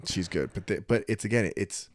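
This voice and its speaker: A middle-aged man co-hosting a podcast, telling blunt, animated stories with swearing in casual chat. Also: low-pitched, brisk, no echo, clean studio sound. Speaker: podcast co-host.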